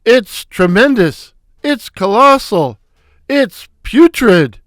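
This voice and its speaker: A man voicing a brash, wisecracking middle-aged comedian with a loud foghorn voice, firing off punchy gags in a comic story reading. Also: high-pitched, takes it slowly, smooth, no echo, studio quality.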